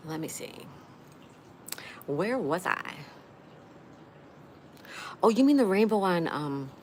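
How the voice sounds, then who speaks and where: A woman hosting a casual live stream, reading viewer comments aloud, greeting each person by name and answering with gushing exclamations. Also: low-pitched. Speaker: livestream host. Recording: noisy background ambience.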